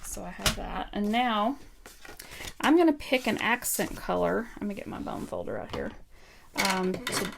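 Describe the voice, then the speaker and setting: A woman with a heavily gravelly, fry-laden voice talks through a card-making demo at her craft table, thinking aloud and filling pauses with ums. The home livestream audio carries clear background noise. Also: medium pitch, big pitch swings. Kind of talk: casual live craft tutorial.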